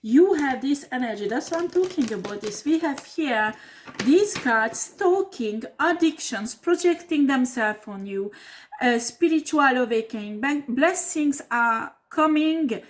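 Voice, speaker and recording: A woman's voice: high voice, expressive, measured pace, slight background noise. Blunt, emphatic woman tarot reader. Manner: blunt, emphatic, swears when upset. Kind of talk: tarot reading video.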